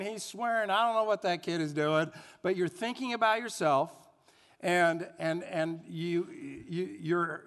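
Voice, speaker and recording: A man preaching a sermon as pastor, animated, asking the congregation questions and having them repeat phrases. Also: sits high. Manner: animated preaching with rhetorical questions and call-and-response. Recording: long hall reverb.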